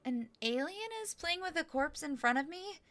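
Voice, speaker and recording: Young woman streaming a game, bit high voice, amused playful reads. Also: lively intonation, normal speed, a bit bright, soft background music. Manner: bemused, playful. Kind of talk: let's play commentary, reading game text aloud.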